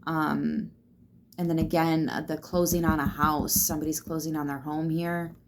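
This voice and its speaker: Low-voiced woman giving a casual tarot reading. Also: level tone, moderate pace, a little hiss or hum. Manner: loose and chatty, swears freely, lots of fillers; reassuring, speaks straight to the listener. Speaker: tarot reader.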